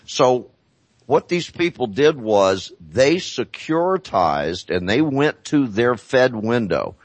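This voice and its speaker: A man speaking as a talk show guest, explaining deliberately and repeating phrases for emphasis. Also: medium pitch, very animated, dry recording.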